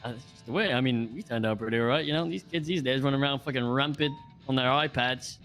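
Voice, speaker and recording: A man's voice: medium pitch, fast talker, a bit bright, faint music behind. A British man in a roleplay chat, blunt and swearing constantly.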